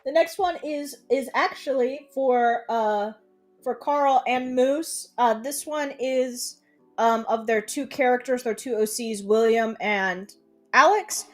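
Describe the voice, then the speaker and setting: Teasing high-voiced woman co-host. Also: takes it slowly, faint music behind. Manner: teasing, dry. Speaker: stream co-host reading requests. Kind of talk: casual live-stream chat.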